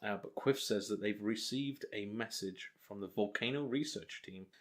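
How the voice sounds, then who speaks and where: A young man co-hosting a podcast recaps an episode in a fairly low, fairly bright voice at normal speed. In casual chat he rambles, cracks self-mocking jokes and says um a lot.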